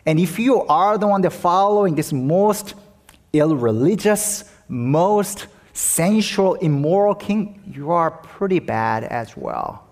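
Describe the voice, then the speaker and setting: A man's voice: sits high, sing-song, takes it slowly. A male pastor, preaching a candid, emotional sermon and telling personal stories. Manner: candid, emotional storytelling with quoted voices.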